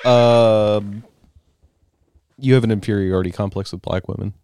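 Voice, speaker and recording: Male podcast co-host, lowish voice, deadpan delivery, dry close mic. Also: moderate pace, clean tone, no room sound. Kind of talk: casual comedic podcast banter.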